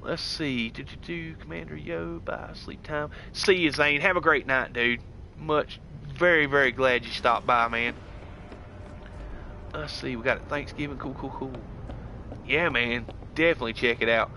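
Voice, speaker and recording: This casual gaming live stream features a man from the US with a Southern accent who reads viewer comments aloud in a relaxed, chatty way, tossing out "heck yeah" and "dude" in a drawl. His mid-range voice has fairly even intonation, normal speed, vocal fry, and a bright, forceful tone, over slight background noise.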